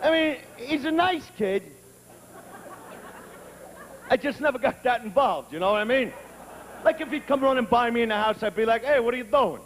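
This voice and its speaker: A high-voiced man doing a stand-up routine, crude and brash, who often breaks into shouts. His voice rings through a large hall with a long reverb. Clear background noise sits under it. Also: moderate pace, pauses often. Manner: profane, brash, bursts into shouting. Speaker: stand-up comedian.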